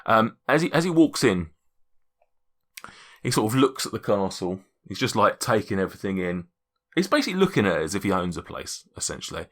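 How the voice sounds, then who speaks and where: A man's voice: fairly low pitch, big pitch swings, a little fast. A man narrating a tabletop game as game master, rambling casually with many restarts.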